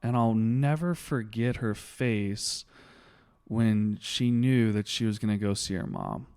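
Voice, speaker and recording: A young man, a former firefighter, telling a candid personal story in an interview in a halting, searching way. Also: on the low side, very animated, a little mellow, clean tone. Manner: halting, raw, searching for words. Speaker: guest, former hotshot firefighter.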